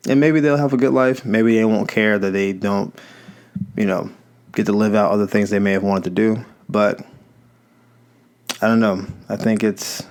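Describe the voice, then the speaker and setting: A man's voice: fairly low pitch, steady tone, normal speed, darkish tone, smooth. A young man hosting a podcast, talking in a casual, reflective monologue that rambles and corrects itself. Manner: conversational, rambling, self-correcting. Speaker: podcast host. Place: Los Angeles.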